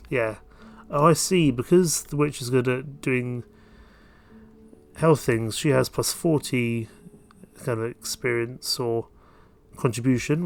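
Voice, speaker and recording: A man chats through his playthrough of a strategy game, relaxed and a little self-mocking. His voice sits at an ordinary middle pitch, and quiet game music plays behind him. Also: gravelly. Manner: casual, self-mocking and chatty. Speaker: gamer. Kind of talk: casual let's play commentary.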